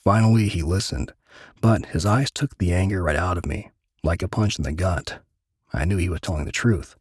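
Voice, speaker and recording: A man reading a gritty first-person crime story aloud in measured, dramatic narration. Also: low voice, breathy edge, no room sound, studio quality.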